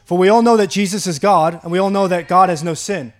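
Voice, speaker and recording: A man with a high voice preaches a sermon with earnest wonder. He leans into key words, slows right down to let them land, and laughs out of sheer delight. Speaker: pastor.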